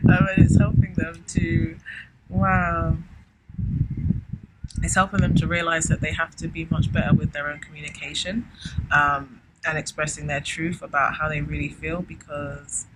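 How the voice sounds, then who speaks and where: A woman giving a casual spiritual tarot reading, effusive and chatty, often exclaiming and filling pauses. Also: low-pitched. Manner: effusive, keeps exclaiming wow, chatty with many fillers. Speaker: tarot reader. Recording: loud background noise with clicks.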